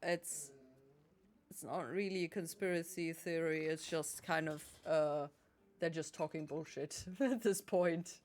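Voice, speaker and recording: A woman's voice: low voice, measured pace, a little mellow. A woman streamer chatting casually while gaming, rambling and swearing freely. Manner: rambling, swears, lots of restarts.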